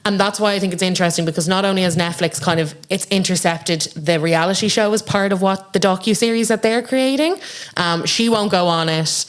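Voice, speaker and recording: A woman's voice: mid-range voice, fairly quick. A woman hosting a podcast, casually and animatedly recapping a reality show. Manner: animated retelling, acts out quotes. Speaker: podcast host. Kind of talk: casual pop culture chat.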